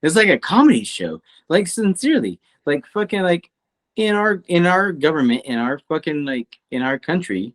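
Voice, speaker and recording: A man's voice: a little high, sing-song, moderate pace, a bit bright. A man co-hosting a podcast, ranting emphatically in casual, profane chat. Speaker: podcast co-host.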